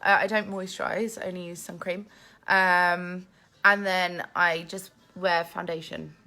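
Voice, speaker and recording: A woman's voice: fairly low pitch, little pitch movement, measured pace, pushed and bright. Chatty woman on a phone live stream. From England. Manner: chatty, reads viewer comments aloud, laughs often. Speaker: vlogger hosting a live Q&A. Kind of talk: casual live-stream chat. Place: at home with family. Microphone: phone held in hand.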